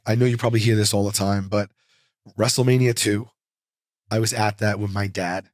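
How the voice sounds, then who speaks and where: A man in his forties, a comedian guest in an interview, telling stories in an animated, rambling way full of fillers and restarts. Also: on the low side, dry recording, studio quality. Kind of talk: casual interview storytelling. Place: studio.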